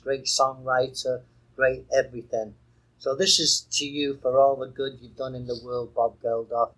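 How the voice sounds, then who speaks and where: A man's voice: medium pitch, low-quality recording. A man co-hosting a casual music podcast outdoors, talking with playful, rambling enthusiasm. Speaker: podcast co-host.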